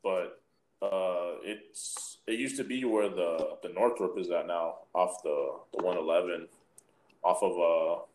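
Low-voiced man swearing through a story. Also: unhurried, roomy sound. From Utah. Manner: animated storyteller, swears constantly, acts out quotes. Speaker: podcast co-host. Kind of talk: casual profane chat.

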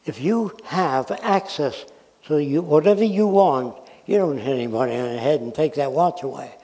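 His voice is a little high and dark in tone, at normal speed. He's an American man giving a forceful, blunt public lecture in an echoing hall, backing his points with examples and questions.

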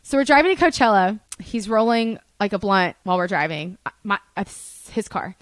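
A young woman telling a casual story as a podcast guest, chatty and animated, swearing freely and saying "like" a lot. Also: medium pitch, normal speed, no echo. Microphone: studio podcast mic.

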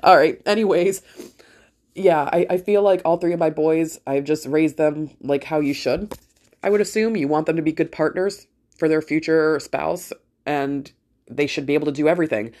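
A woman's voice: deep voice, normal speed, dark tone. Woman, middle-aged, podcast host, blunt, swears, rambling casual monologue.

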